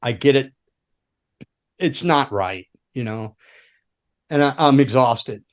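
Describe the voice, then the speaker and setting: A man, a former roadie and guitar tech, telling a story on a podcast in a lively, profane way and acting out the scenes. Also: medium pitch, slow pace. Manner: animated, profane storyteller who acts out scenes.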